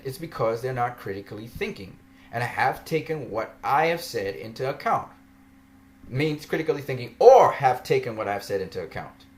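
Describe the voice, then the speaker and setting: A man vlogging a ranting commentary, argumentative and mocking, laughing often as he makes his case. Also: medium pitch.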